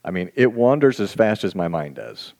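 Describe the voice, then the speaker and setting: A man preaching a sermon in a conversational, folksy and self-deprecating way, reading scripture slowly and deliberately. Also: fairly low pitch, big pitch swings, gravelly, a little mellow. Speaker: pastor.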